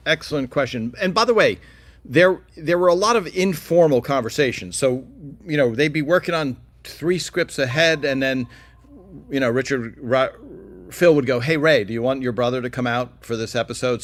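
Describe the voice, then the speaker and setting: A man chats on a casual livestream, answering viewers' questions in a loose, rambling way. He fills his talk with asides and hesitations, and his voice sits at an ordinary mid pitch. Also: a bit bright. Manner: chatty, rambling, with many fillers and asides. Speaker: livestream host.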